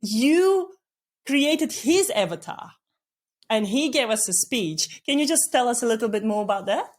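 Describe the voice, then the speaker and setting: Woman podcast host, deliberately slowed speech. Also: a little high, expressive. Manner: warm-paced, deliberately slowed speech, laughs often. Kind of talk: casual interview chat.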